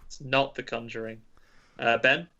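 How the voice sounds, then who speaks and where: A man with a bright, forceful voice hosts a horror quiz podcast, reading clues with playful teasing. The sound is dull and lo-fi, like home podcast audio. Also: medium pitch, fairly even intonation, moderate pace. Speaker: quizmaster.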